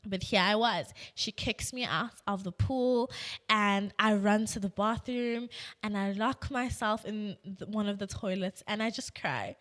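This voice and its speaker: A young woman, hosting a podcast and telling a personal story, moving between quiet reflection and animated retelling. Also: medium pitch, unhurried. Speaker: podcast host.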